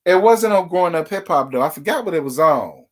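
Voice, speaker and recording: Man, livestream gossip host, sassy, chatty, slightly high voice. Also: animated, a little fast. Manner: sassy, chatty, talks straight to viewers. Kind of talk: casual reality TV gossip livestream.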